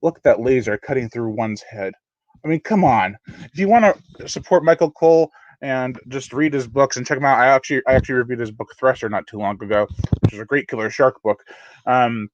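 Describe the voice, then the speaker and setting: On a dry, lo-fi recording, a horror channel host in adulthood speaks a little fast in a mid-range voice. He rambles casually through a live unboxing stream, poking fun at himself and frequently starting sentences over.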